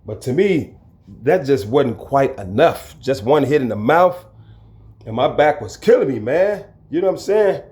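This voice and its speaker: A man telling a story from his own life in a casual, lively way, acting out the people in it. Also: mid-range voice, normal speed. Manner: animated, acts out the people in his story, chuckles. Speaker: storyteller recounting his prison time. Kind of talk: casual spoken storytelling to camera.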